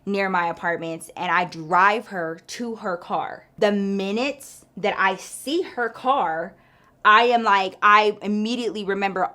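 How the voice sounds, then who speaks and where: A woman's voice: mid-range voice, moderate pace, pushed and bright. Foul-mouthed chatty woman telling a story. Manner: profane, chatty, full of filler "like". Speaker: storytime vlogger. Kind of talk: casual storytelling.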